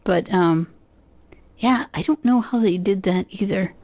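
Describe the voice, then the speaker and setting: A woman speaks in a casual podcast chat, thoughtful and a little hesitant, pausing often with fillers. Her voice sits at an ordinary pitch, and the recording is close and dry, with no room echo. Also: a little mellow, highs cut off. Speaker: podcast guest co-host.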